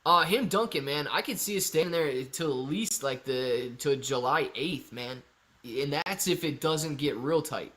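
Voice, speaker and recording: A man's voice: on the high side, a little slow, fairly bright tone. A man hosting a live stream, chatting casually with viewers, reading out their questions and explaining his answers in a laid-back way.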